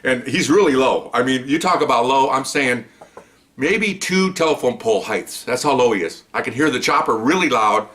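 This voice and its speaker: A man who was once a police officer, telling a long story in a rambling, animated way and often checking in with "okay?". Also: mid-range voice, normal speed. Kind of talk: casual spoken storytelling.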